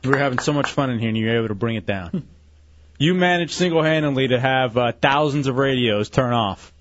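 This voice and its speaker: A man's voice: medium pitch, a little fast, very noisy. A man co-hosting a radio show, mocking and sarcastic in casual banter. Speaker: radio co-host. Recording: muffled radio broadcast with faint music.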